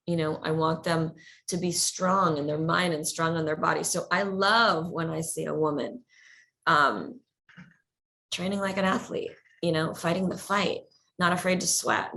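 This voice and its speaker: A middle-aged woman chatting as a guest in an interview, energetic, laughing often and repeating words as she talks. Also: deep voice. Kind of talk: casual interview chat.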